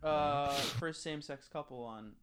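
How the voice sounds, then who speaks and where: A man's voice: fairly high pitch, crowd noise. A young man in a casual chat, mostly giving short reactions. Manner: slow, reactive, short replies.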